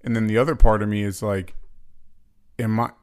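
Male podcast co-host, lowish voice, rambling, questions himself as he talks. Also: steady tone, a little fast, a little mellow. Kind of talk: casual podcast chat.

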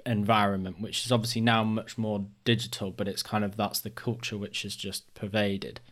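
A man interviewing a guest in a casual podcast chat, relaxed, with loose phrasing and lots of "like". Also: fairly low pitch, moderate pace.

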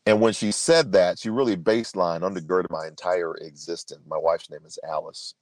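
Deep-voiced man telling his story earnestly. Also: moderate pace, dry recording. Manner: earnest, emphatic storyteller with frequent restarts. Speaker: podcast guest, speaker. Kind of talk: storytelling interview answer.

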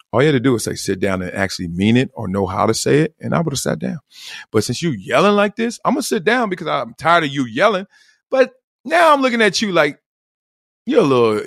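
Animated, slangy man hosting a podcast. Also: no room sound, studio quality. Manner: animated, acts out quotes with big jumps in pitch and loudness; slangy, laughs often. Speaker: podcast host. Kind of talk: solo podcast monologue. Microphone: close studio mic.

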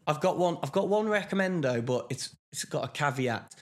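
This man's voice is slightly high and expressive, moving at a moderate pace as he co-hosts a podcast. He chats loosely, often using fillers and restarting sentences.

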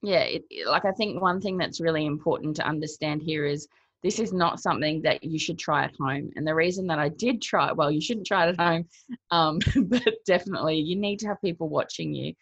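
A woman's voice: deep voice, fairly quick, dry recording. A woman, a cold-water swimmer, retelling her experience in a casual interview, acting out what people said to her. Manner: lively retelling, acts out quotes, laughs between thoughts. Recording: dull lo-fi, dry sound.

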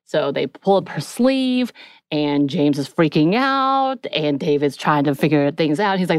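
A woman's voice: lowish voice, sing-song, measured pace, smooth, no room sound. A young woman co-hosting a podcast, casually recapping a story and acting out the characters' lines. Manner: retells scenes, acting out character quotes. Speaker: podcast co-host.

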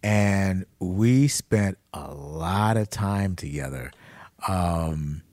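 A man's voice: low-pitched, animated, no echo. Older guy in his 60s, songwriter guest telling old stories, stop-start, voice jumps around a lot. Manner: halting and repetitive, drops softer and slower when reminiscing. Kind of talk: casual storytelling chat.

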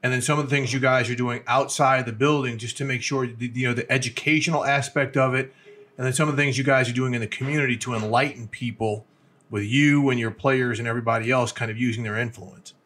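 A man's voice: mid-range voice, steady tone, fast, fairly bright tone, slight background noise. A man hosting an interview, asking direct, long-winded questions of his guest. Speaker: interview host.

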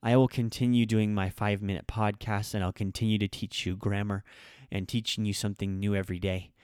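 A man with a lowish voice hosts a podcast, talking slowly with many pauses and ums. His emotion shows as he thanks his listeners. The sound is dry and close. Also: flat delivery, darkish tone, smooth, no echo. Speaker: podcast host. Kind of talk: heartfelt spoken thanks.

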